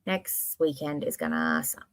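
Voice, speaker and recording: A woman hosting a casual livestream, rambling and expressive, swearing casually and reading chat comments aloud. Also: very deep voice, a little slow. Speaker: livestream host.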